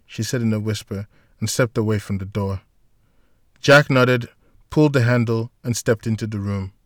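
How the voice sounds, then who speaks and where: A man of medium pitch reads an audiobook script at a steady, measured pace. The sound is dry and clean, as from a studio.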